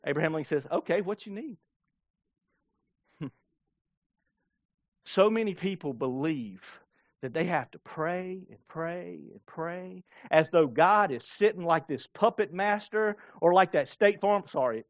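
A male pastor reads scripture and acts out stories in an animated sermon, using playful voices and laughter. He speaks unhurriedly in a slightly high voice, with no room sound and the highs cut off.

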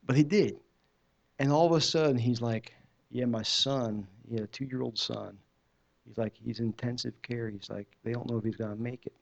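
A man's voice: mid-range voice, fairly even intonation, normal speed, creaky. A man giving a personal testimony at a church service, telling his story in a loose, conversational way with many restarts. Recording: dull muffled recording.

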